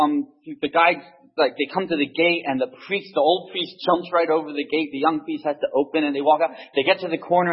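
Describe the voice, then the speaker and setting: A man telling a story casually to a group, halting and restarting often, on a dull lo-fi recording. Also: a little high, husky. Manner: halting, many restarts and fillers. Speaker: speaker in a group discussion.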